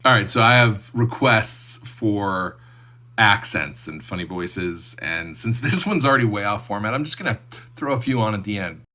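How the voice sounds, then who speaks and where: A young adult man, a show host, giving casual closing remarks and a fundraising appeal in a relaxed, joking, self-deprecating way. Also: on the low side, moderate pace.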